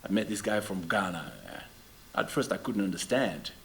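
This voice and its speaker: With a faint hiss or hum behind him, a middle-aged Senegalese musician addresses his audience between songs. English is not his first language; he's lively, keeps asking rhetorical questions, and talks at a moderate speed in a low pitch.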